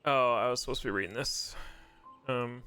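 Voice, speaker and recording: Bright-voiced joking let's play man. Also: mid-range voice, moderate pace, clean tone, soft background music. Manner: joking, reactive asides. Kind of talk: casual game commentary.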